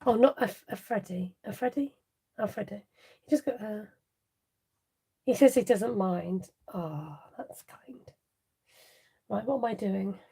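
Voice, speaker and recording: Lady doing a live crafting stream, mellow husky voice, chatty, chuckles a lot and talks to the chat. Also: mid-range voice, normal speed, pauses often. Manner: chatty, laughs often, mutters asides while working; talks straight to viewers and reads out their comments. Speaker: papercraft demonstrator hosting a live stream.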